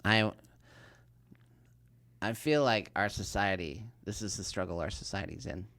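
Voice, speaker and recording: A man co-hosting a podcast in relaxed, joking chat, thinking aloud as he goes. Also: on the low side, measured pace. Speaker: podcast co-host. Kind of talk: casual chat.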